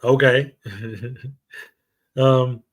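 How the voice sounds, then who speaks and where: A man from Chicago with a Chicago accent, hosting a casual livestream in a relaxed, rambling way and chuckling often. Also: medium pitch, extremely slow. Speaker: show host.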